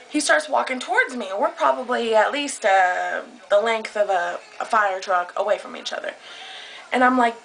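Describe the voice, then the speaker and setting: A woman's voice: fairly high pitch, expressive, normal speed, a bit bright, a little hiss or hum, low-quality recording. Worked-up young woman swearing as she talks. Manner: agitated, heated, swears a lot. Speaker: vlogger. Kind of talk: casual vlog storytelling. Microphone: camera close up.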